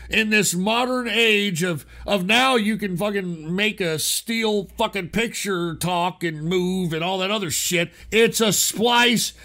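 A man's voice: high-pitched, sharp tone. A man hosting a call-in radio show, ranting in a profane, combative way.

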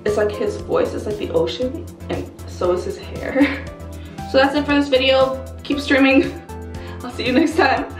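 Young woman vlogger, bright bouncy delivery, a bit high, set back from the mic in a roomy space. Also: normal speed, distant mic. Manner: bubbly, gushing exclamations. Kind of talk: casual vlog chat. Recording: roomy, off-mic, music behind.

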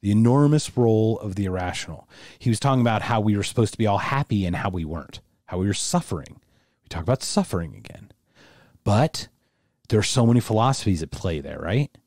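Podcast guy with a lowish mellow voice, rambles and restarts a lot, dry close sound. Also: animated, brisk, no echo. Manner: thinks aloud, rambling with restarts, emphatic. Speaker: podcast co-host. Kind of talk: casual conversational chat.

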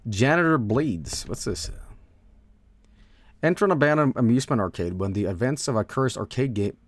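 Lively male streamer with squeaky outbursts. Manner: animated, jumps into goofy high squeals; reads game blurbs aloud quickly. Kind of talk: casual live-stream commentary.

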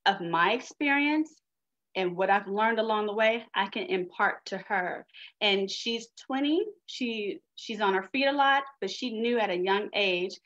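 An American woman speaks as a guest on a webinar, sharing her own experience in a chatty, folksy way and calling the audience "y'all." Her voice is medium-pitched and fairly bright. The video call audio is dull and lo-fi.

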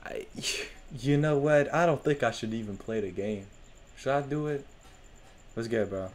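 Slow-talking guy joking through a horror game. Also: mid-range voice. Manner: joking, talks back to the game. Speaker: gaming streamer. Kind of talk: horror game let's play commentary.

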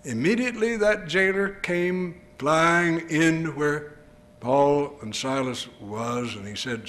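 A man's voice: a little high, takes it slowly, a bit bright. An older male preacher delivering an earnest, emphatic sermon full of rhetorical questions. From United States.

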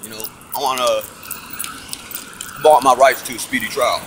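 A man's voice: mid-range voice, normal speed, slight background noise. A man casually telling a story about his own court case, swearing often, acting out what others said and preaching about faith. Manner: animated, profane, preachy, acts out quotes.

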